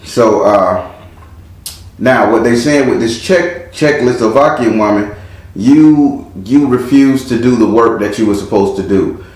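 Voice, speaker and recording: A man giving a casual spiritual tarot reading in a relaxed way, chanting words over and over as he reads the cards. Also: mid-range voice, unhurried. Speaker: tarot card reader. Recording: very echoey room.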